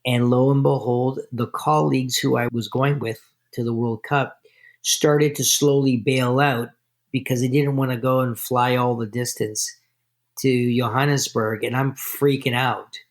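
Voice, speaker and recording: Gravelly-voiced man telling stories. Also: mid-range voice, fairly even intonation, a little slow. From Canada. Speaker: podcast guest. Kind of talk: casual interview storytelling.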